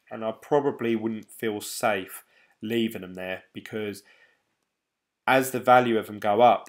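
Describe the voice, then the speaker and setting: A man hosting a casual livestream. He talks in a loose, rambling way and answers viewers' comments as he goes. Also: fairly low pitch. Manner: rambling, chatty, loose and informal. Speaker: crypto livestream host.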